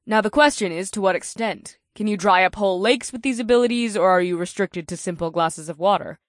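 A woman's voice: medium pitch, fairly quick, dry recording, clean studio sound, close to an everyday voice. A woman playing a composed, self-assured witch in an audiobook, speaking matter-of-factly. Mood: coaching. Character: calm dark-haired woman witch, knowing and assured. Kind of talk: audiobook character voice.

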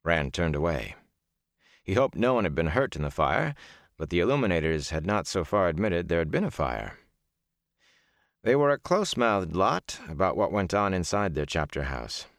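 A man narrating an audiobook chapter in an expressive storytelling manner. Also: sits low, moderate pace, no echo, studio quality. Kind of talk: scripted narration.

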